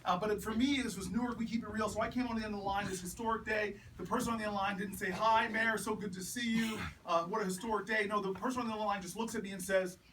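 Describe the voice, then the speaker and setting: A man delivers a political stump speech to a room of supporters, mixing earnest appeals with a punchy story. He is picked up from across the room, and steady background noise sits under his voice. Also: high-pitched. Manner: rising from measured to loud, laughing punchlines. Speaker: politician speaking at a campaign event. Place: house party, indoors. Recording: distant mic with background noise. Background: crowd laughter.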